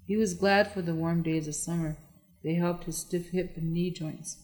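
An audiobook narrator reading a historical novel in a steady, measured way. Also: mid-range voice. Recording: long echoey reverb.

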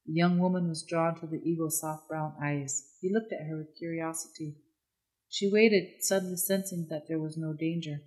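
Solemn measured storybook narrator. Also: mid-range voice, fairly even intonation, darkish tone, rough recording.

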